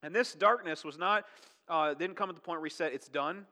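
A man's voice: fairly high pitch, brisk, bright, forceful tone, big-room sound. A man preaching a sermon in a chatty, conversational way, often checking in with "right?" and "okay?". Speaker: pastor.

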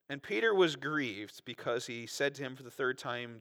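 A man's voice: medium pitch, fast, few pauses. A man preaching a sermon, reading scripture expressively and explaining it in a conversational way with rhetorical questions and asides. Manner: expressive scripture reading, acting out quoted voices. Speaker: pastor.

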